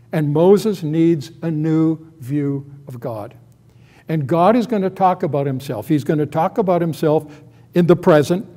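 An older man preaching an expository sermon, slow and deliberate, stressing key phrases with emphasis. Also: on the high side, warm tone.

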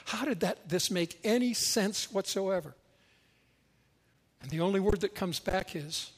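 A man's voice: high-pitched, measured pace, long pauses, slightly rough, long reverb tail. A male pastor preaching a sermon, telling the story expressively with strong emphasis.

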